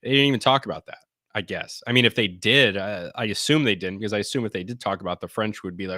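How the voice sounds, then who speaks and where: A man's voice: lowish voice, fast, bright, forceful tone, no echo, studio quality. A man giving blunt, sarcastic, rambling commentary on survey charts during a casual live stream. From United States.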